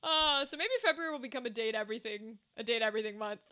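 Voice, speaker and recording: Bright, high-voiced chatty young woman. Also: fast, clear, resonant tone. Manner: chatty and rambling, hums and sings to herself. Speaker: streamer. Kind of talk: casual live-stream chat.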